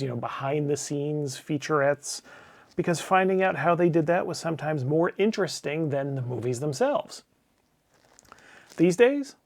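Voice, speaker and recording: Man, middle-aged, slightly high voice, channel host, scripted film review, blunt, profane, wry asides. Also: darkish tone. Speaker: channel host, game publisher.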